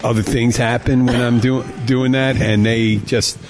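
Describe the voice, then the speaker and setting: A man's voice: mid-range voice, level tone, unhurried, background noise. A man hosting a radio show, bantering casually, swearing and telling jokes with little voices for the characters. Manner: swears freely, laughs often.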